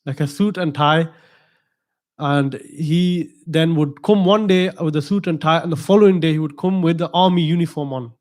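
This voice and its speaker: A man gives a religious talk as a teacher, with a voice that sits a little high. He tells his story in a loose, chatty way and turns aside to ask the audience questions. He chuckles at the odd parts of the tale. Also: normal speed.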